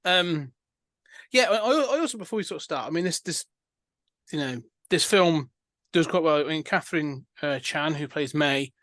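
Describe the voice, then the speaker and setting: A man with a fairly high voice talks through a film on a podcast. He rambles and circles back, full of ums and restarts. The sound is close and dry, with no room in it. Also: moderate pace, a bit bright, dry recording. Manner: rambling, hesitant, many fillers and restarts. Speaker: podcast co-host. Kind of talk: casual film discussion.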